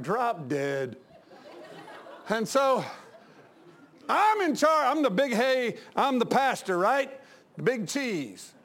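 A male pastor, preaching in a folksy style with anecdotes, swinging between loud outbursts and quiet asides. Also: very high voice.

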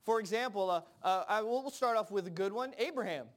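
A man's voice: sits high, brisk. A man preaching a sermon in a conversational way, acting out Bible characters in casual voices and often repeating himself. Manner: repeats words and phrases, frequent fillers.

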